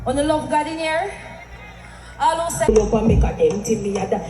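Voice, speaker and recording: A woman performing on stage in a clip of a live show, with a slow, drawn-out delivery. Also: sits high, animated. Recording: echoey live clip with loud music.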